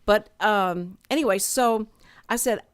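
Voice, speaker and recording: Her medium-pitched voice is unhurried, and the radio studio carries no room sound. As a community radio co-host, she tells a work story in casual conversation, lively in acting out what each person said.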